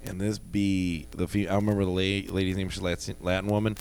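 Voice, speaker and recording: Animated storytelling man, profane. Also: sits low, brisk. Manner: animated, profane, acts out quotes with loud jumps. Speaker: former bouncer telling stories. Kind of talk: casual storytelling chat.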